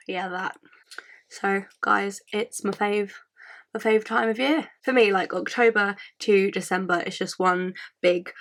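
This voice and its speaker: A young woman vlogging with a hoarse, croaky voice from a cold, chatty, self-mocking and sweary. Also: medium pitch, a bit bright. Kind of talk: casual chat to camera.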